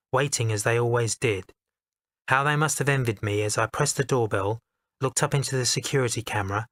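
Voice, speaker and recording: Man reading his own memoir audiobook, steady middle voice, heartfelt and honest, dry close mic. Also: mid-range voice, no echo. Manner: measured, heartfelt, candid.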